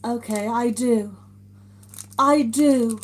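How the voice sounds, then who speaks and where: Slow-talking woman live-streaming. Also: a little high. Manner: chatty, reads comments aloud and reacts with amused exclamations. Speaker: livestream host. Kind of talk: casual live-stream chat reading viewer comments.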